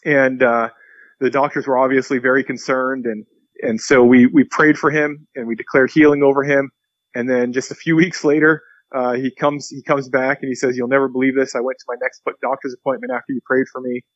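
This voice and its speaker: A pastor being interviewed, telling a long story earnestly and acting out the quotes. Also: male voice, mid-range voice, flat delivery, a little fast, dry recording, dull audio.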